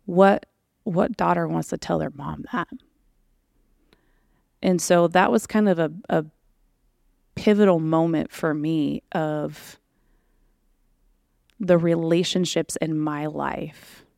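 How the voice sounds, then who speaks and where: A woman hosting a podcast, telling her own story candidly in a halting way with frequent fillers. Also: low-pitched, steady tone, gravelly, a little mellow, no echo, studio quality. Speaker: podcast host. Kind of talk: personal storytelling.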